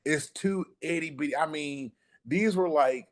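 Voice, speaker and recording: A man telling a story casually on a podcast, animated and profane, acting out the people he quotes. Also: fairly high pitch, unhurried. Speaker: podcast guest.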